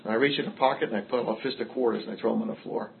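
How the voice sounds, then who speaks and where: A man's voice: medium pitch, steady tone, very fast, vocal fry, phone-quality sound, a little hiss or hum. An older man from Massachusetts telling a personal recovery story to a group with wry, self-mocking humor. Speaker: recovery speaker.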